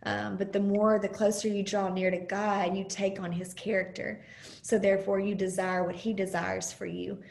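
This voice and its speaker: A woman giving an earnest, halting personal testimony as a guest speaker over a video call, pausing often with fillers. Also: medium pitch, flat delivery, vocal fry, darkish tone. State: close to tears at times. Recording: roomy video call audio.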